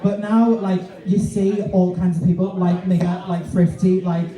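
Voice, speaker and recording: High-voiced man chatting in an echoey bar. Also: flat delivery, normal speed, dark tone. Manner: rambling, lots of fillers, swears freely. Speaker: co-host, drag performer. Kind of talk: casual live podcast chat. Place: bar, recorded live. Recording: echoey bar, distant mic.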